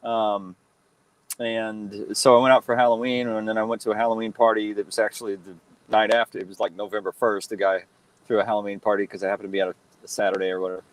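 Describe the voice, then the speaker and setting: A man in his thirties, a guest telling stories in a relaxed interview, rambling with lots of fillers and restarts. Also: on the low side, fast talker, low-quality recording. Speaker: guest, fan-film actor and cosplayer. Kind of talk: casual interview chat.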